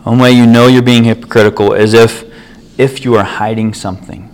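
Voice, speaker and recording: A man's voice: mid-range voice, steady tone, a little fast, poor audio. Earnest man preaching a sermon. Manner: storytelling, earnest and conversational.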